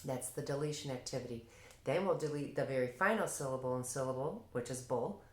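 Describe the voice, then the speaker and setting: A woman whose voice is notably low talks briskly about how she teaches reading, now and then switching to an animated classroom voice to demonstrate prompts. The recording carries the hollow echo of an empty room.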